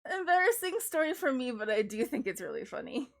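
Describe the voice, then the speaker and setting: Chatty woman with a higher voice. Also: very animated, fairly quick. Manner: chatty, with frequent 'like' fillers; laughs readily while telling stories. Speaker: streamer. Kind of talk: casual chat.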